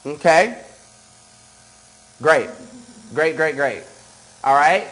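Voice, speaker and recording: Upbeat makeup artist, male, slightly high voice, keeps saying okay. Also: moderate pace, rough recording. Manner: enthusiastic, repeats cues and says okay often. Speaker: makeup artist demonstrating airbrush. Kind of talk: live tutorial demonstration.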